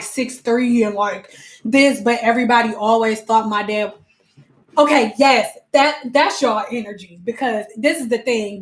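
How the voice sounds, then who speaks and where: Woman chatting on a livestream, kinda high voice, animated and slangy, repeats stuff for emphasis. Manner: animated storytelling with slang and acted-out quotes; emphatic repetitions. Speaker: spiritual coach and host. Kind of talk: casual livestream chat.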